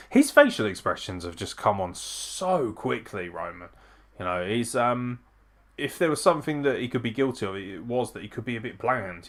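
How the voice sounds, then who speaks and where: A man's voice: fairly low pitch, fairly bright tone. A man hosting a live watch-along, reacting casually and profanely, often chuckling as he comments. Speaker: wrestling show host.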